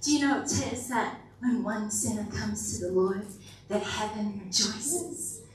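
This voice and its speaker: A woman's voice: mid-range voice, measured pace, slight background noise. A woman pastor giving a sermon to a congregation in a conversational, playful way, often putting questions to the room. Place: church hall with a congregation. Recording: very echoey hall, distant mic.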